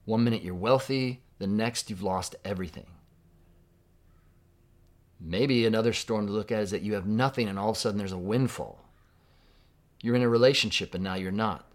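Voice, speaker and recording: In a fairly low voice, a Southern California pastor preaches in an easy, conversational way. He thinks out loud, asks his listeners questions, and lowers to a hush for quoted words.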